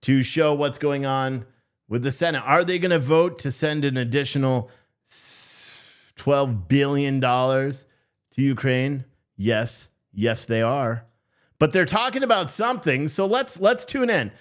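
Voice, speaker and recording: A man's voice: medium pitch, unhurried. A man hosting a live stream, chatting casually and sarcastically with his viewers and swearing freely.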